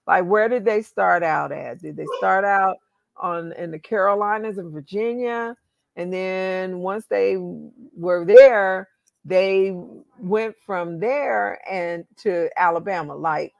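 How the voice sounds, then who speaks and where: A woman's voice: lowish voice, creaky, no echo, highs cut off. A woman with a Southern US accent, chatting casually about family research and thinking aloud as she looks things up. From California. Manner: talks through research on screen, thinking aloud. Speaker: genealogy host. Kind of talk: casual genealogy chat.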